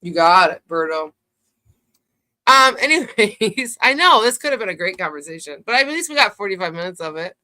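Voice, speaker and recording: Bright, loose-talking woman host. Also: on the low side, big pitch swings, fast talker, hardly any pauses. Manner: loose, rambling, swears freely. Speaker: live-stream host. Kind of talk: casual live-stream chat.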